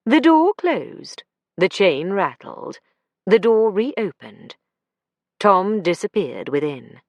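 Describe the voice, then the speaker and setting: A woman narrating a mystery audiobook in an expressive storytelling manner. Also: medium pitch, takes it slowly, no room sound.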